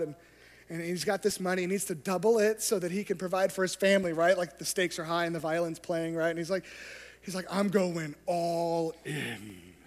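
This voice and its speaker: A man preaching a sermon as pastor, telling stories and acting out the scenes. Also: sits high. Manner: storytelling, acts out scenes. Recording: long hall reverb.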